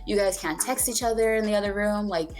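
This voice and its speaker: A young woman chats candidly on a podcast, retelling a story with plenty of swearing and acted-out dialogue. Her pitch sits in an ordinary middle range. Faint music plays underneath. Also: quick pace, a little mellow. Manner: candid, swears freely, acts out quoted dialogue. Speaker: podcast co-host. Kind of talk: casual storytelling chat.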